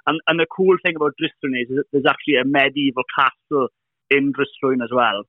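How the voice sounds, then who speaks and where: A man, a guest explaining his beekeeping business, talking in a halting way with many restarts. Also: mid-range voice, steady tone, no echo. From Wales. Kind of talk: casual interview talk. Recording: dry, tinny phone-like line.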